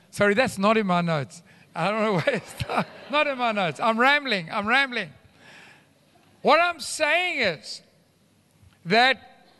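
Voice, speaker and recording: A man preaches to his congregation, swinging from loud declarations to hushed asides and wandering off his notes. His voice sits high and sounds bright and ringing. A long reverb from the church hall trails his words. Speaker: pastor. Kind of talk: sermon.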